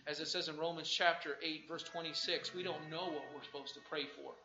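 A middle-aged man preaching a sermon with a personal testimony, swinging from hushed asides to shouted exclamations. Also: on the high side, fairly even intonation, fairly quick, roomy sound, muffled recording, over music.

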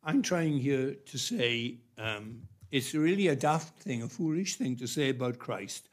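A man preaching a sermon, emphatic and repetitive, with long pauses between phrases. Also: mid-range voice, lively intonation.

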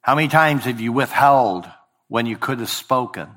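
A man preaching a sermon as pastor, earnest, dropping quiet and then rising to emphatic points. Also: medium pitch, animated, moderate pace.

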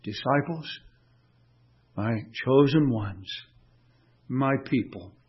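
A man preaching a sermon, swinging between raised, emphatic declarations and quiet, tender passages. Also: medium pitch, breathy edge, lo-fi sound. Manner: impassioned, swinging from raised, emphatic lines to quiet, soft reflection.

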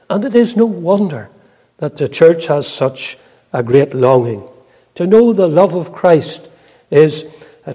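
A man preaching a sermon, reading scripture in a measured, solemn way, then expounding with frequent "uh" fillers. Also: on the high side, mellow, slightly rough, in a large hall.

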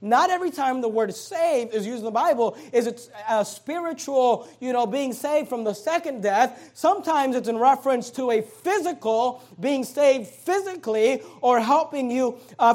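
A man's voice: very high voice, lively intonation, normal speed, hardly any pauses, a little mellow. A male pastor preaching a sermon, reading scripture aloud and emphatically stretching out key words.

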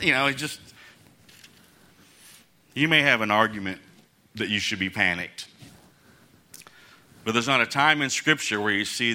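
A man's voice: mid-range voice, normal speed, pauses often, sharp tone. A man preaching a casual, conversational sermon as pastor, chuckling between points and acting out the quotes in his story.

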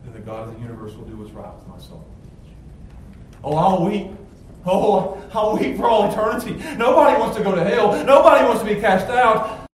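A man preaching a sermon, swinging between shouted intensity and quiet, low asides. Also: big pitch swings, normal speed. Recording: very echoey, distant from the mic, faint noise.

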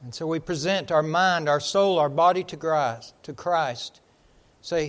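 A man preaching a sermon, emphatic, swinging from loud declarations to hushed lines and slowing on key words. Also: on the high side.

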